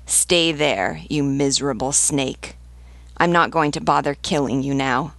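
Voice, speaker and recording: A woman's voice: extremely low pitch, a little slow, creaky, fairly bright tone, no echo, heavily acted. A woman reading the lines of a brash, mocking wounded soldier in a taunting, scornful manner.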